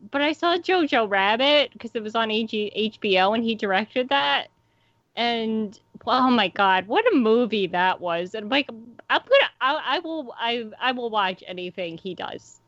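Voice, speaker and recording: A woman co-hosting a casual podcast chat, excitable and chatty, filling her talk with "like". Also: on the high side, measured pace, dry recording. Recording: muffled lo-fi dry sound.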